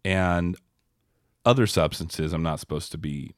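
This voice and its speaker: A man's voice: extremely low pitch, a little slow, dry recording, studio quality. A man co-hosting a podcast in casual chat, rambling through stories with wry asides. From Austin, Texas area. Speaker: podcast co-host.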